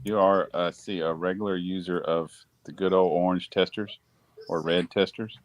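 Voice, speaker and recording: A man's voice: sits low, steady tone, moderate pace, no room sound. A man chatting on a livestream, joking and asking stumbling questions. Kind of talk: casual chat.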